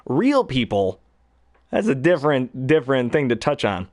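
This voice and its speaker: A man's voice: mid-range voice, big pitch swings, moderate pace, a little mellow, no echo, clean studio sound. A man and hobby voice actor chatting casually in a rambling, enthusiastic way. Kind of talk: casual chat.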